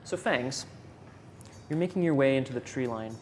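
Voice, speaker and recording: A man's voice: medium pitch, animated, normal speed, darkish tone, a little hiss or hum. A man narrating a tabletop game as game master, loose and often laughing.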